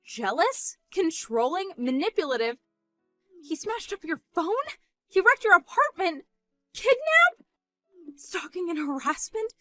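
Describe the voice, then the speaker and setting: A woman's voice: high-pitched, animated, measured pace, no echo, soft background music. A woman voicing a shocked young woman who learns her husband deceived her, disbelieving and panicky. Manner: disbelieving, rising to panicked shouting.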